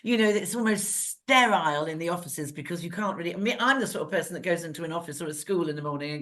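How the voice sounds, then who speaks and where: An older woman from England co-hosting a casual current-affairs chat, chatty and lively, telling stories and laughing often. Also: on the low side, fast talker, few pauses. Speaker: co-host.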